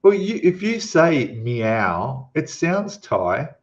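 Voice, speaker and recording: A man's voice: high-pitched, very animated, takes it slowly, lo-fi sound. A middle-aged man hosting a casual live stream, chatting and rambling as he greets viewers by name.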